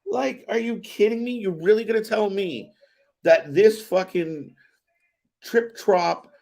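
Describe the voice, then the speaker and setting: A man hosting a live wrestling watch-party stream, giving excitable, profane reaction commentary. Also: high-pitched, slow, gravelly. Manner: excitable and profane, swearing often.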